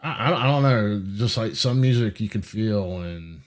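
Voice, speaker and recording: A man hosting a recovery podcast, talking haltingly on a video call and often stumbling over his words. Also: on the low side, animated. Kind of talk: casual interview on a video call.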